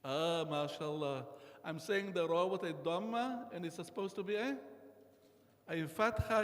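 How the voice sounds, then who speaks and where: A man's voice: high-pitched, measured pace. Patient male recitation teacher in a reverberant hall. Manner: patient, repeats and checks students. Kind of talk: live class teaching recitation. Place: mosque prayer hall. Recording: long hall reverb from livestream.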